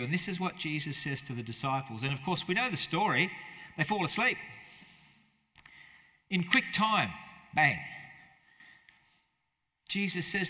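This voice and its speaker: A man's voice: a little high, big pitch swings, moderate pace, pauses often, pushed and bright, long reverb tail. A man preaching a conversational sermon as pastor, often asking his listeners rhetorical questions.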